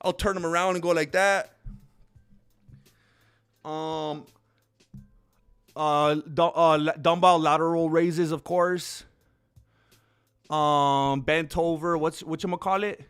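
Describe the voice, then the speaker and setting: Excitable young-sounding streamer guy. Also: a little high, slow pace, pauses often, clear, resonant tone, soft background music. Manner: rambling, excitable, calls viewers dude and bro. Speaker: streamer host. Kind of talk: casual livestream chat.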